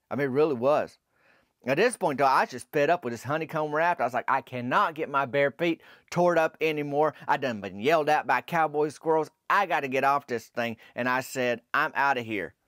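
A man's voice: mid-range voice, dry recording, clean studio sound. Drawling Southern man spinning a tale. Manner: slow, rambling and drawling, with rural dialect. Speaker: podcast host. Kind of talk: deadpan storytelling.

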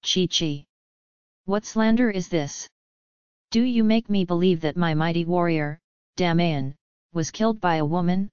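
A woman's voice: fairly low pitch, measured pace, pauses often, a little mellow, clear, resonant tone, dry recording, dull audio, natural voice. A woman reading as a stern royal princess. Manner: stern, formal old-fashioned speech. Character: proud royal princess, elder sister, commanding.

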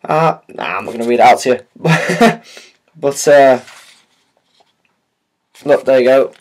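A man rambles through a casual book unboxing, stumbling over his words and filling pauses with ums and uhs. His pitch sits at an ordinary middle level for a man. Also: animated. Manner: rambling, hesitant, many fillers and restarts. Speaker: vlogger.

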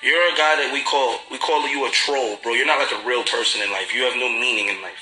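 A man's voice: mid-range voice, fairly even intonation, brisk, pushed and bright, faint music behind, rough recording. A young man with a New York accent, casually chatting and teasing commenters on a livestream. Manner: laid-back, slangy, mocking. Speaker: livestream host.

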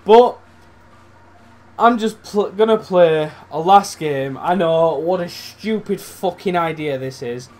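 A young man commentating his own football video game, swearing, swinging between loud outbursts and low muttering. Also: lively intonation, slow pace. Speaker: gaming YouTuber. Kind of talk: live gameplay commentary.

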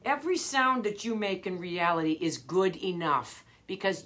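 A woman's voice: on the low side, expressive, moderate pace, fairly bright tone. Earnest woman vocal coach, emphatic. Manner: earnest, emphatic, repeats key phrases. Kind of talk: live motivational talk.

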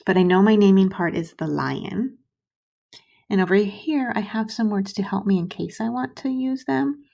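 A woman teaching first graders to write sentences, modeling slowly and sounding out syllables with patience. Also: mid-range voice, vocal fry, dark tone. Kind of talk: recorded writing lesson for young children.

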